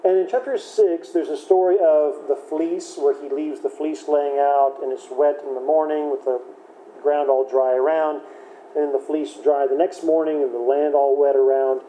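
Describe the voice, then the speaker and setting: A man's voice: fairly high pitch, fairly even intonation, moderate pace, dark tone. A man leading a Bible study class, talking casually and chatty, correcting himself now and then. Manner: conversational, chatty, self-correcting with light laughs. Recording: echoey room with faint background noise.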